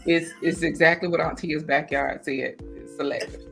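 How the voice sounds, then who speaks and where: A chatty woman hosts a casual livestream with a slightly low voice. She talks in an animated way and laughs often, with faint music playing underneath. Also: moderate pace, vocal fry. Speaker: host of a garden livestream.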